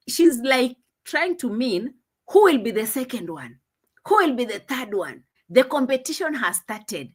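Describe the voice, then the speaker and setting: This reaction commentator has a high, a bit bright voice with lively intonation and an unhurried pace. She speaks with a Swahili accent and keeps things chatty while reacting to a video, teasing, laughing a lot, and repeating herself.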